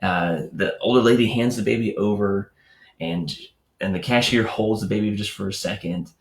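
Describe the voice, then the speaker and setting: A man's voice: fairly low pitch, normal speed, echoey room. A man hosting a morning enrichment show, talking casually to parents and telling stories with lots of fillers and asides. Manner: conversational, storytelling with filler words and asides. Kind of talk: casual teaching talk to parents.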